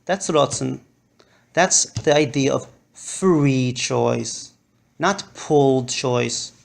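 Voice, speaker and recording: A man lecturing to a live audience, animated and acting out his stories with big swings in his voice. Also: mid-range voice, extremely slow, gravelly.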